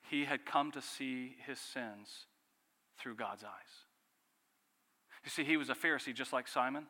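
Pastor guy preaching, bright forceful voice, asks lots of questions, goes soft on key bits, big reverb like a hall. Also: mid-range voice, a little slow, pauses often. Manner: earnest preaching with rhetorical questions and dramatic drops in volume. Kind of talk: sermon.

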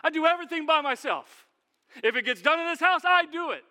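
A man's voice: very animated, a little fast, a bit bright. A man voicing an overworked, resentful woman who whines and complains indignantly, in a sermon. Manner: shrill complaining rants.

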